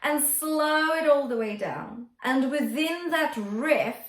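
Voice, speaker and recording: A woman's voice: sits high, expressive, takes it slowly. A woman vocal coach teaching a singing lesson, often checking in with "okay?" as she explains technique. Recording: echoey room with faint music.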